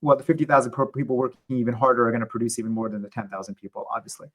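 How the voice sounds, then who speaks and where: A man speaking as an interview guest, explaining economics in a measured, conversational way with occasional restarts. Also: mid-range voice, rough recording.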